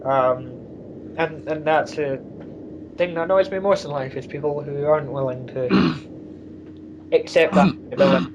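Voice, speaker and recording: A blunt, sarcastic man rambles in a casual chat and swears now and then. His voice sits a bit high. The sound is dull and lo-fi, with faint noise behind him. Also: measured pace, long pauses. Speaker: co-host.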